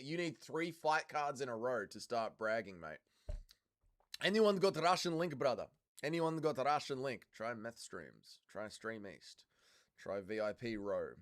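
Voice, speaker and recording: A livestream host runs a live watch-along, reading viewers' chat out loud and trading crude banter, swearing freely and calling people "mate." His voice sits on the high side and sounds a bit bright.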